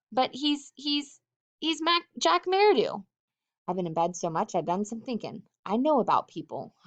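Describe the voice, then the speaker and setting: A woman's voice: on the low side, fairly bright tone, highs cut off. A woman voicing a fearful, bespectacled, asthmatic schoolboy who talks in an anxious, pleading way.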